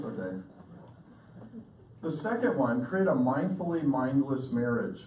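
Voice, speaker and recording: Intense professor lecturing in an echoey hall. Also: male voice, medium pitch, normal speed, slight background noise. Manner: lively, intense storytelling with acted-out quotes. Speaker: professor of communication. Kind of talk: lecture to an audience. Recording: echoey hall recorded from far off.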